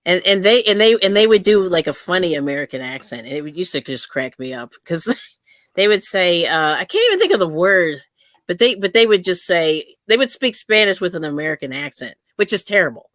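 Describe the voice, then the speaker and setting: A woman hosts a casual podcast-style chat. Her voice sits low, and she talks loosely with many fillers, answering her guest with quick "yes" and "mm-hmm". The sound is dry and close, with no room in it. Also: very animated, fairly bright tone, no echo. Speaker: host.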